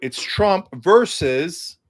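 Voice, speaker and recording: A man's voice: high-pitched, lively intonation, extremely slow. A man who is a political candidate, making his case in an interview in a sarcastic, combative way. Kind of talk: impassioned political interview talk.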